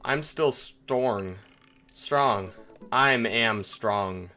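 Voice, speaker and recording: A man voicing a stiff, awkward dad in a dating game, speaking in a slow, stilted, robotic way. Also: medium pitch, pushed and bright, faint music behind.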